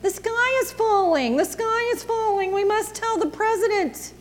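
A woman voicing a frantic, dim-witted hen who shouts in a shrill, panicky voice. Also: normal speed, big-room sound. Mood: panicked.

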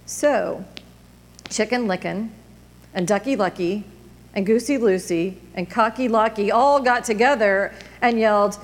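A woman pastor giving a children's sermon, reading a storybook in an animated, expressive way. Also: medium pitch, unhurried, in a large hall.

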